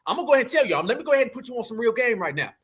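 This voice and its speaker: A man's voice: very high-pitched, sing-song, rapid-fire, a bit bright, breathy edge. A man from the United States hosting a livestream, talking emphatically and repetitively and preaching straight to his audience. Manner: emphatic and repetitive, calls listeners "fam"; preachy, addresses the audience directly. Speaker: livestream host. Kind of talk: livestream commentary.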